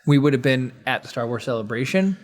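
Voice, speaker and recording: A man's voice: mid-range voice, animated, fast talker. A man hosting a podcast in casual chat, rambling with many restarts. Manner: rambling, restarts, laughing often. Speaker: podcast host.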